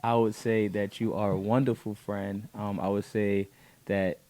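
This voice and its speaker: A man hosting a faith podcast, talking in an effusive, excited way with his wife as guest. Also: lowish voice, a little slow. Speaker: podcast host.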